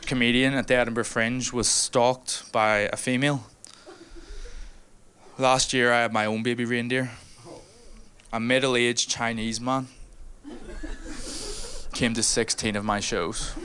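In a noisy live club recording from a small converted hotel room, a comedian from Northern Ireland does a brash set, bantering with the audience and laughing through his material. His mid-range voice barely shifts in pitch, unhurried with long pauses.

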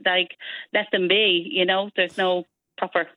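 A woman's voice: fairly low pitch, a little slow, no room sound. Dublin woman on a tinny phone line. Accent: Dublin Irish. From Ireland. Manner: chatty, explanatory, relaxed. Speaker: caller. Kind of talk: phone-in chat. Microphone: telephone.

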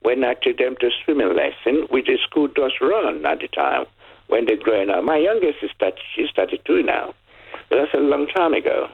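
A caller in their sixties, telling stories in an animated way on a radio phone-in. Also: mid-range voice, normal speed, slightly rough. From Nigeria. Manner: animated storytelling. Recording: tinny phone line.

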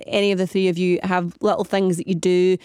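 A Scottish woman hosting a live radio phone-in, talking quickly and a little out of breath, firing questions at her listeners. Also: lowish voice, level tone, warm tone, clean tone, no room sound, studio quality. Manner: chatty, rapid, asks listeners lots of questions. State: slightly out of breath. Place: radio studio.

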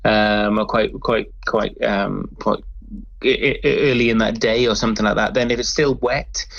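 A man's voice: lowish voice, fairly even intonation, normal speed, creaky, dry recording, lo-fi sound. A man working as a crime scene cleaner, explaining his work in an interview, often stumbling and repeating words. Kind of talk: interview guest answering.

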